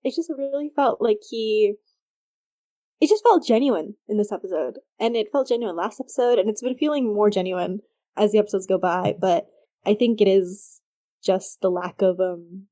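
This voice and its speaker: A woman with a warm, medium-pitched voice co-hosts a fan podcast at a moderate pace. Her chat is casual, full of laughter and frequent uses of "like" and other fillers.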